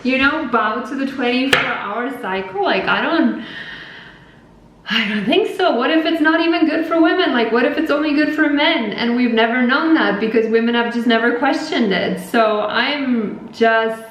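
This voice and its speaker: Animated woman in a very echoey room. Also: high-pitched, moderate pace. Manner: animated, rambling, filler-heavy. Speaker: podcast host. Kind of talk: casual spiritual monologue.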